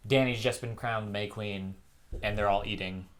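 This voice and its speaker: A young man co-hosting a casual film review, retelling the plot in an animated way with lots of fillers and laughter. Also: lowish voice, moderate pace.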